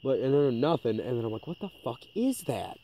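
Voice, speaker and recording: Mellow-voiced man telling stories, swearing. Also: medium pitch, a little fast, a little hiss or hum. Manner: swearing, animated retelling with quoted voices. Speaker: podcast co-host. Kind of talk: casual storytelling chat.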